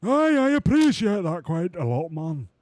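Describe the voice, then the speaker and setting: A chirpy, eager young racing driver, squeaking much higher than a normal man. His words bounce in a goofy mock accent that mixes Scottish and northern English, in comic role-play over a game. The voice sounds oddly thin and far off. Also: big pitch swings, unhurried, a little mellow, no room sound, clean studio sound. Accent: mock mix of Scottish and northern English.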